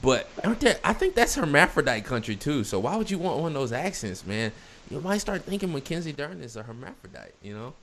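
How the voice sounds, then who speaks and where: A man's voice: a little high, big pitch swings, brisk, fairly bright tone. A man hosting a casual podcast chat, blunt and crude, firing off questions. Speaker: podcast host.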